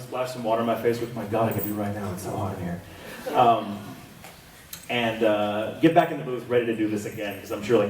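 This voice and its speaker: A man's voice: mid-range voice, very animated, fairly quick, darkish tone. A man telling a rambling, self-mocking story as a voice actor guest on a convention panel. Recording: echoey room, distant mic.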